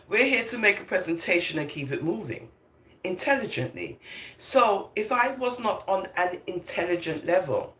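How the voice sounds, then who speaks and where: A woman's voice: fairly low pitch, slow, pauses often. Emphatic older woman, roomy echo. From London, England. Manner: emphatic, animated, laughs often between points. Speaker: vlogger. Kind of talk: opinionated casual monologue.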